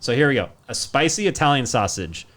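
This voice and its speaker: Lively casual male podcast host. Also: mid-range voice, brisk. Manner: playful quizzing, lively up-and-down delivery. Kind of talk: casual chat. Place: home basement.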